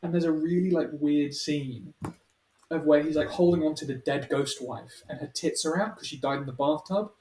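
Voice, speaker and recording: A man's voice: fairly high pitch, moderate pace, mellow, far from the mic. A man hosting a podcast, chatting casually and rambling with crude jokes and laughs. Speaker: podcast host. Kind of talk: casual chat. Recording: echoey room with faint noise.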